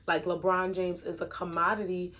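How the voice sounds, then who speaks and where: A woman co-hosting a podcast, talking in a measured, reasoned way in casual chat. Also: on the low side, level tone, fairly bright tone. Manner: measured, reasoned, hedges with "I think" and "you know". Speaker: podcast co-host.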